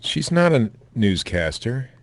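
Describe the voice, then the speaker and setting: A man co-hosting a casual podcast, teasing the others with deadpan jokes. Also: mid-range voice, slow. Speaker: podcast co-host. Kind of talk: casual chat.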